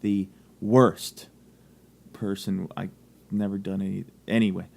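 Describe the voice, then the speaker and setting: A man's voice: sits low, little pitch movement, unhurried, creaky, a little mellow. A man co-hosting a casual podcast, telling rambling stories and swearing freely. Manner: profane, rambling storyteller. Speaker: podcast co-host.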